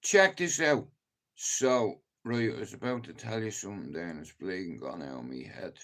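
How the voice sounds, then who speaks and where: A middle-aged man from Ireland hosting a livestream, telling rambling stories in casual chat and swearing a lot. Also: lowish voice. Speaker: livestream host.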